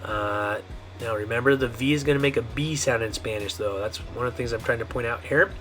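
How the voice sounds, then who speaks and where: A man teaching a pronunciation lesson, who talks patiently and repeats each word slowly with a frequent "okay". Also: mid-range voice, a bit bright, faint music behind. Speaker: Spanish teacher. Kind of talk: language lesson.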